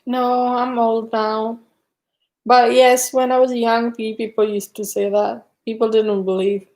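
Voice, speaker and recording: A woman's voice: a little high, level tone, a little slow, a little mellow. A middle-aged woman hosting a casual live stream, chatting with viewers and telling stories with frequent laughter. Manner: chatty storyteller, laughs often.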